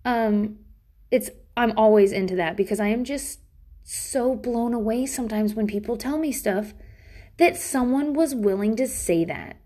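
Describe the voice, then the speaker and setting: A woman's voice: fairly high pitch, unhurried, darkish tone. A young woman hosting a solo podcast, talking candidly with lots of fillers and swearing, a bit sniffly, breaking into silly laughs. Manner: candid, swears freely, many fillers and likes; laughs between lines, playful silly bursts. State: sniffly runny nose. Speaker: podcast host. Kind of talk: casual solo podcast chat.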